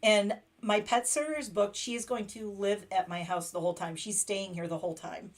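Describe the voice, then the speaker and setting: A woman in her thirties chats to her viewers on a late-night livestream from home. She is excitable and talkative, laughing often as she goes, in a voice of middle pitch. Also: normal speed. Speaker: livestream host. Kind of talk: casual livestream chat.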